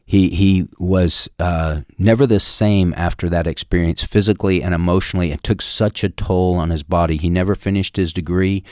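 Radio host, a man with a low voice, earnest preaching delivery, dry close sound. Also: fairly even intonation, a little mellow, dry recording. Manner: earnest storytelling with emphatic pauses. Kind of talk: radio preaching and call-in hosting.

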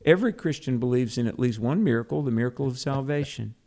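A man's voice: mid-range voice, fast talker, dark tone. A man co-hosting a conversational Bible teaching, earnest, explaining terms and often repeating words as he starts a thought.

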